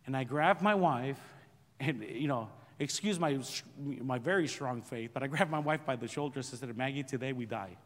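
A middle-aged man preaching as a pastor, telling a personal testimony in an animated, self-mocking way with frequent laughter. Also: mid-range voice, normal speed, big-room sound, slight background noise. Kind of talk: sermon testimony storytelling.

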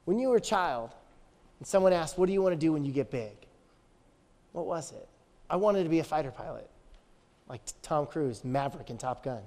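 A man's voice: a little high, animated, brisk, pauses often, darkish tone, big-room sound. A man in his thirties preaching a sermon as pastor, telling stories with energy and repeating phrases for emphasis.

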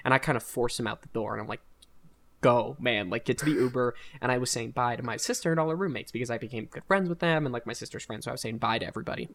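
A man's voice: mid-range voice, fast talker, creaky. Young man telling a rambling story. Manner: rambling, laughing, animated retelling. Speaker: podcast host. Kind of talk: casual storytelling chat.

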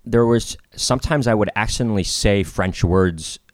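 A musician guest with a very low voice chats on a podcast. He tells wry anecdotes and slips into mocking voices. The recording is dry and close. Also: normal speed, no room sound. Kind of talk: casual podcast chat.

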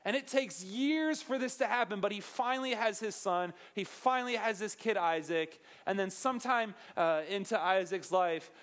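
Animated casual young male preacher. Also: high voice, normal speed, hardly any pauses. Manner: casual and animated, with jokes and acted-out quotes. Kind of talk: sermon.

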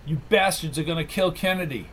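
A man reads a determined hero against the clock, his voice pushed up high and urgent. He speaks in clipped, tense bursts, with a faint hiss of noise underneath. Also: brisk, a bit bright, lightly acted, poor audio. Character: determined man racing to stop a killing.

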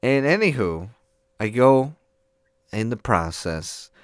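A man's voice: medium pitch, very animated, slow pace, clean tone, dry recording, studio quality. A man on a podcast telling a long, rambling story full of laughs while his jaw is sore from recent tooth surgery. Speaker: podcast co-host. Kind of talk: casual chat.

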